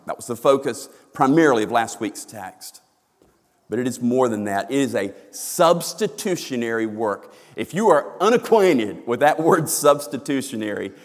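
A male pastor preaching in a church sanctuary, his lively voice leaping up for emphasis and dropping to a hush. The hall's long reverb trails after each phrase. He has a medium-pitched voice and a dramatic delivery. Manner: dramatic swings from hushed to emphatic. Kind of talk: sermon.

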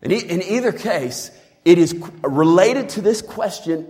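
A man's voice: fairly high pitch, very animated, moderate pace, darkish tone. A man preaching a sermon as a pastor, earnest and emphatic in a teaching way. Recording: long hall reverb.

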